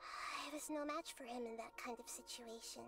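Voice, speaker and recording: High, light voice of a small, wise girlish goddess in a video game. She speaks gently, calmly and earnestly, and faint game music runs underneath. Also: moderate pace. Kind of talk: game voice acting.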